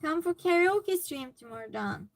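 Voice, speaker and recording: A woman streamer in casual chat, reading viewer comments aloud and reacting with animated exclamations. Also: sits high, normal speed, no room sound, soft background music.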